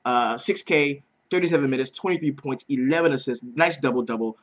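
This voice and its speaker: A man hosting a casual daily fantasy basketball breakdown, animated and slangy, swearing freely. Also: mid-range voice, brisk. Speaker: daily fantasy sports host. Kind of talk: casual sports betting breakdown.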